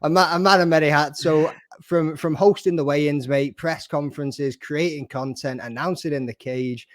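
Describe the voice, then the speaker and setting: A man's voice: a little high, steady tone, no echo, clean studio sound. A man hosting a casual video-call podcast chat, bantering and swearing freely. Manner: brisk, swearing, calls everyone mate. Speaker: podcast host.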